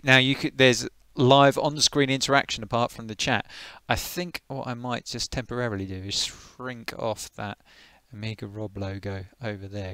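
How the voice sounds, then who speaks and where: A man's voice: fairly low pitch, fairly bright tone, dry recording. A man casually chatting on a live stream, greeting viewers by name and thinking aloud as he tweaks his settings.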